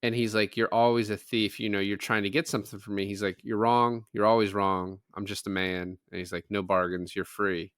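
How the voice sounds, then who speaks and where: A man's voice: lowish voice, little pitch movement, brisk, hardly any pauses, a bit bright, dry recording, clean studio sound. A man co-hosting a casual podcast, animatedly retelling a film's plot and quoting characters in offhand voices. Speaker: podcast co-host. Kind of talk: casual chat.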